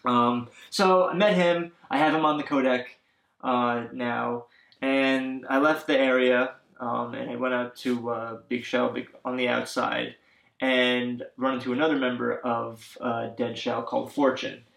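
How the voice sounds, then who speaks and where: Male podcast co-host, casual and rambling, mid-pitched, echoey room sound. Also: little pitch movement, a little slow, creaky, fairly bright tone. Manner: rambling, many fillers, acts out characters' lines. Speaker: podcast co-host recapping a video game. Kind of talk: casual chat.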